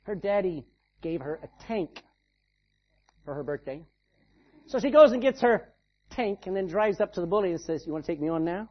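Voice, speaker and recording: A male pastor delivering an animated sermon, acting out little scenes and calling for amens. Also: high-pitched, normal speed, long pauses, highs cut off. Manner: animated preaching with acted-out asides.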